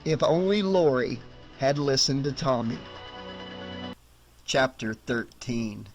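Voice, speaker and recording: A man narrating a horror novel audiobook in a measured, dramatic storytelling manner. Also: medium pitch, expressive, faint music behind. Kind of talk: scripted narration.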